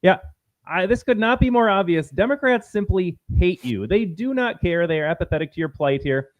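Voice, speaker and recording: A man's voice: high-pitched, animated, normal speed, no echo. A man co-hosting a political podcast, talking in a blunt, indignant way. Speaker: podcast co-host. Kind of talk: heated political podcast talk.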